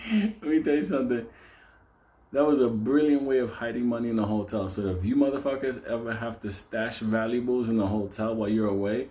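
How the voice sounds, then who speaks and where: Mellow-voiced man telling a profane story. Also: medium pitch, fast, hardly any pauses. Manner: animated, swears constantly, laughs through his story. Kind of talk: casual profane anecdote telling.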